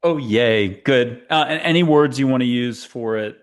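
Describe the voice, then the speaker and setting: With a medium-pitched voice at a moderate pace, a man leads a guided exercise on his spiritual podcast. The meditation comes across as a casual chat, playful and meandering.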